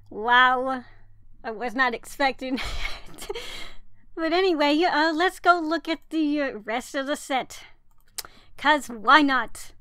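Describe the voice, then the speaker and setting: A woman vlogging casually over a mobile game, gushing and excitable, often apologizing for herself. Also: sits high, slow pace, clear, resonant tone, dry recording. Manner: gushing, excitable, self-deprecating. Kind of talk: casual gameplay commentary.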